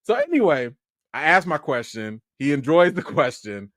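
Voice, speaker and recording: A man from Chicago, a film critic, telling a story in an excitable, animated way on his livestream. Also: normal speed, dry recording, studio quality. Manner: animated and excitable, with sudden jumps in pitch.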